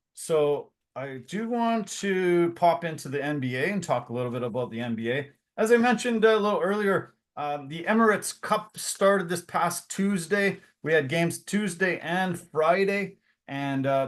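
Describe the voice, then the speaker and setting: A man co-hosting a sports podcast, telling stories in a casual, animated way with plenty of fillers and restarts. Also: fairly high pitch. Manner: animated storyteller, acts out quotes.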